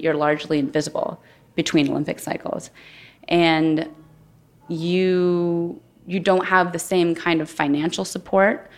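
A woman interviewed as a guest, telling her story candidly and thoughtfully in conversation. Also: sits low. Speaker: guest, former Olympic figure skater.

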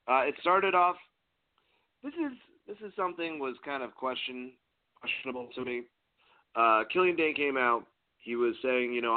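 A man co-hosting a podcast, recapping and chatting loosely with fillers and swearing. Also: medium pitch. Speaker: podcast co-host. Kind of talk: casual chat and recap. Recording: tinny phone-like audio.

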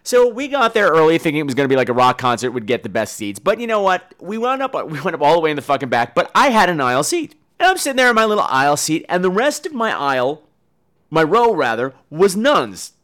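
Profane ranting man, lively pitch. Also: fast. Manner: profane, sarcastic, ranting, breaks into silly put-on voices. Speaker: podcast host. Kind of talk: comedic monologue.

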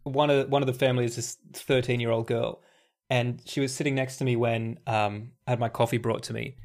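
A man's voice: medium pitch, steady tone, fairly quick. A man in casual conversation about movies, telling anecdotes animatedly and swearing freely.

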